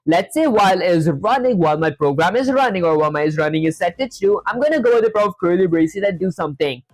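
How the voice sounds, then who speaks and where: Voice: medium pitch, expressive, fast, low-quality recording. A streamer learning to code live, talking through every step aloud and often saying "honestly" and "that said". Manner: talks through each step, leans on "honestly" and "that said". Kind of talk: live coding stream, reading chat aloud.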